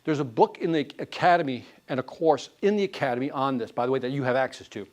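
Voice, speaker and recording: A man leading a live sales training class, quizzing the room with quick questions and answers. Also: mid-range voice. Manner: animated, quizzing the class with call-and-response questions.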